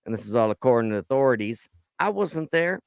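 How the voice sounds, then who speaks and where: A man's voice: medium pitch, a little fast, creaky, clear, resonant tone, no room sound. A man hosting a casual true-crime podcast, reading out a case and riffing on it with heavy swearing and jokes. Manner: swears a lot, joking and animated. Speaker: podcast host.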